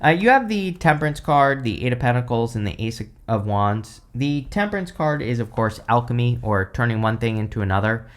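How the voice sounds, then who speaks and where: A man talks through a tarot spread in a loose, rambling way, tripping over his words and circling back. His voice sits in a middle pitch, and he sounds tired, as though he is holding back yawns. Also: expressive, fairly quick, few pauses. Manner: rambling, many fillers and restarts. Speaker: tarot reader. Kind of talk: casual tarot reading to camera.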